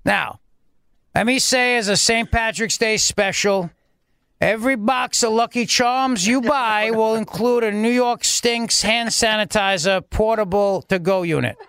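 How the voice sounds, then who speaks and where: A man doing a mocking impression of a pompous, boastful male governor in a slow, self-satisfied drawl. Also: high-pitched, fairly bright tone, smooth. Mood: smug.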